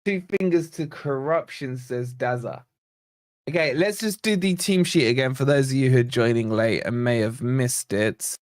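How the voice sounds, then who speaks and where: Clean studio sound with no room noise captures a mid-range male voice on a football fan channel. The host, from England, chats excitedly during a live watch-along and reads out viewers' comments.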